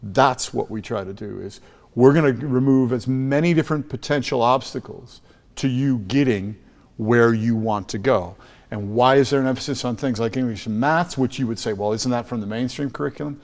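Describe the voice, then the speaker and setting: A man's voice: medium pitch, normal speed, darkish tone, long reverb tail. A man with an American accent, from Chicago, telling stories emphatically as a podcast guest, often restarting and repeating words. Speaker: guest, school trust leader. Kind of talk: podcast interview.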